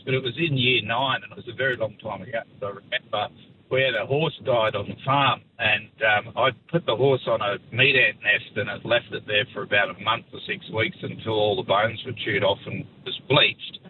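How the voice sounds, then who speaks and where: A man with an Australian accent calling in to radio, telling a story in a laid-back, plain way. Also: medium pitch. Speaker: caller. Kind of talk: phone-in storytelling. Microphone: telephone. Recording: tinny phone line with hiss.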